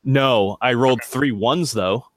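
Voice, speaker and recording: A man playing a tabletop game, hesitant and full of restarts, getting excited about his dice rolls. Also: mid-range voice, measured pace, no room sound, clean studio sound. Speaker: player. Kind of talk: casual game chat.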